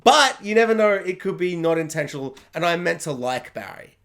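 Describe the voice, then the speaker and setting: Guy with a pretty high voice doing a chatty tv review, lots of likes, kinda meandering. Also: lively intonation, brisk, gravelly, a bit bright. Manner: rambling, heavy on "like" fillers. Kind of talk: casual spoken review.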